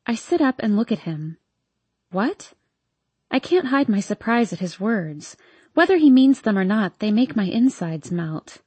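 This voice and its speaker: A woman narrates a first-person romance story in a soft, intimate way. Her voice is mellow and a little husky, with a dry, close sound. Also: mid-range voice, animated, unhurried, no echo. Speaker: audiobook narrator.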